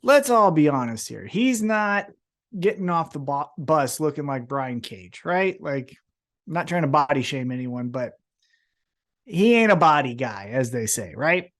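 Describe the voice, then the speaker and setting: A man's voice: fairly high pitch, sing-song, a little slow. A man co-hosting a wrestling podcast, ranting with heavy swearing and mocking put-on voices. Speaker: podcast co-host. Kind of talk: profane ranting wrestling chat.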